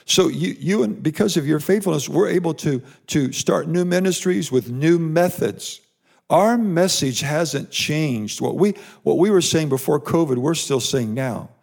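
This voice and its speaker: Preaching man with a gravelly voice. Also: fairly high pitch, expressive, measured pace, a little mellow. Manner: emphatic preaching with repeated phrases. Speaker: pastor. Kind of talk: sermon. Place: church or broadcast sermon to online viewers.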